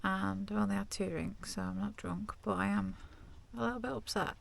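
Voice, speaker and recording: A woman's voice: medium pitch, steady tone, normal speed, creaky. A woman talking candidly and chattily to camera in a casual vlog from inside her van. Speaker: vlogger.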